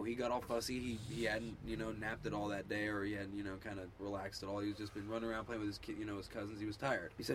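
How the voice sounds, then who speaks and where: A man's voice: fairly low pitch, little pitch movement, fast, hardly any pauses, slight background noise. A father telling a story in casual chat, laid-back and rambling with lots of fillers. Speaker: parent.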